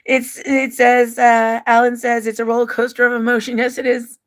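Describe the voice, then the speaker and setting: A woman's voice: fairly high pitch, little pitch movement, normal speed. A woman hosting a livestream, reading out viewer comments and her own personal letters in an open, emotional way. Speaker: livestream host.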